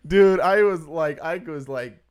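This man's voice sits on the high side, clear and resonant, with a slightly slow pace. He's a podcast co-host in casual chat, a rambling storyteller who spins long tales packed with fillers and leans heavily on "like."

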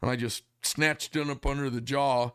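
A man's voice: medium pitch, fairly even intonation, normal speed, a bit bright, smooth, dry recording, clean studio sound. A man from Arizona hosting a podcast, telling a long story in a rambling way with lots of fillers. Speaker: podcast host. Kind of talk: casual storytelling chat. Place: studio.

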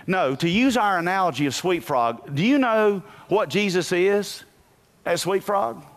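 A man preaching a sermon as pastor, moving from quiet asides to loud bursts and telling folksy, humorous stories. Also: high voice, lively intonation, unhurried.

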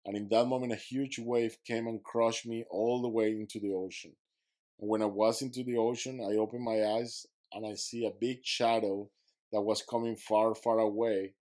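A man's voice: on the low side, flat delivery, moderate pace, a little mellow. A man, a podcast guest, telling a personal story in earnest, emphatic English with non-native phrasing.

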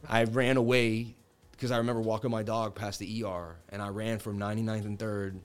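A man's voice: lowish voice, little pitch movement, brisk, clear, resonant tone. A man in his thirties from the Boston area, hosting a casual crypto livestream and telling rambling stories full of "like" and "you know, man.". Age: 30s. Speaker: crypto stream host.

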